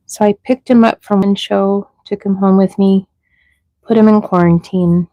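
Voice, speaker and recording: A woman's voice: medium pitch, steady tone, moderate pace, dark tone, dry recording, poor audio. A middle-aged woman breeding rabbits, chatting casually on a livestream and talking sweetly to the baby bunnies.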